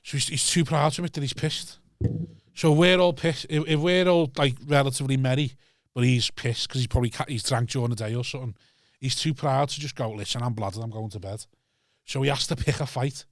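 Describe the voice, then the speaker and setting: A man's voice: mid-range voice, fairly even intonation, fairly quick, no room sound, studio quality. A man telling family stories in casual podcast chat, swearing freely and acting out his dad's outbursts. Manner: swearing storyteller, mimics his shouting dad. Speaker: podcast host.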